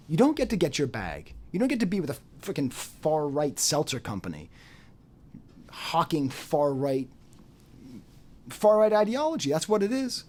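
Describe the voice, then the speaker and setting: Guy ranting on his channel, super lively up and down voice, repeats stuff for emphasis. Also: on the high side. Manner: animated, repeats phrases for emphasis, mocking quoted voices. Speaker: YouTube commentator. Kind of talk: unscripted commentary monologue.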